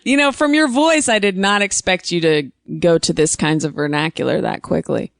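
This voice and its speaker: Female comedy host, wry and deadpan, teasing; clear, smooth voice with a dry, close studio sound. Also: lowish voice, normal speed, dry recording. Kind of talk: casual comedy call-in chat.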